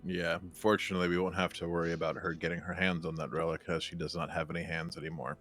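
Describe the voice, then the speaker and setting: A man playing a tabletop game in character, with a measured, dry delivery. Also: low voice, level tone, fairly bright tone, soft background music. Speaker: player.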